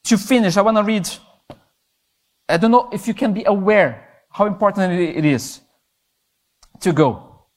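Impassioned high-voiced male youth preacher. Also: unhurried, long pauses. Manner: impassioned, rises and falls in pitch for emphasis. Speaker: youth pastor. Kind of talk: sermon.

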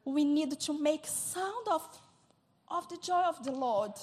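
A woman preacher delivers a sermon with a high voice. She talks slowly and earnestly, often stopping to repeat or restart a word before pressing on. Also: expressive, darkish tone.

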